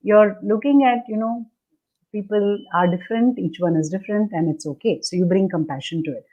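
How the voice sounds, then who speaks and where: This relationship coach talks fairly quickly in a mellow, medium-pitched voice, and the highs are cut off in the audio. Over a video call she dictates step-by-step guidance, acting out the attitudes she describes.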